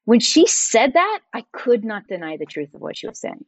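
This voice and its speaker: A woman guest on a podcast, telling a personal story in an animated, conversational way. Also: on the high side, moderate pace, no room sound.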